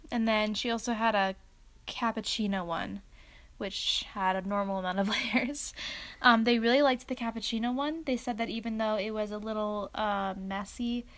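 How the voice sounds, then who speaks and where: A woman's voice: medium pitch, steady tone, normal speed, a bit bright. A woman co-hosting a podcast, chatting casually with lots of "like" and "um". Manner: chatty, fills with "like" and "um". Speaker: podcast co-host. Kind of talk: casual chat.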